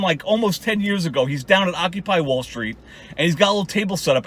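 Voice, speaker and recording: Man, youtube commentator, mocking profane rant, high bright voice. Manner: profane, mocking, frequent laughs and restarts. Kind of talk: ranting commentary.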